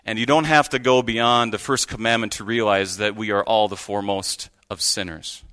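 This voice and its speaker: A man's voice: on the low side, steady tone, moderate pace, pushed and bright, clear, resonant tone. A man giving a sermon from a church pulpit, preaching in an earnest, conversational storytelling way. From United States. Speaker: guest preacher.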